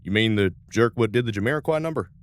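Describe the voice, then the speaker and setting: A man's voice: fairly low pitch, expressive, quick pace, dry recording, studio quality, voice pushed up, lightly acted. A man doing a blunt starship captain. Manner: casual, swears. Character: gruff male starship captain, blunt but caring.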